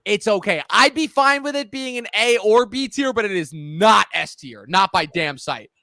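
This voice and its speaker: A man's voice: high-pitched, expressive, normal speed, gravelly, sharp tone, dry recording, studio quality. A man hosting a casual movie chat, opinionated and emphatic. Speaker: podcast host.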